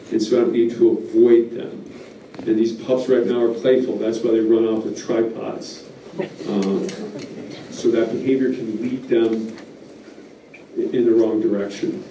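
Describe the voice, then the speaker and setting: A man gives a plainspoken public talk and takes questions, pausing often with fillers. His voice is dark and mellow. He is picked up from a distance, so the sound is roomy and carries faint background noise. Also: medium pitch. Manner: plainspoken, loose and halting with fillers. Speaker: wolf biologist speaking at a public meeting. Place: meeting room. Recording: echoey hall from far off, faint noise.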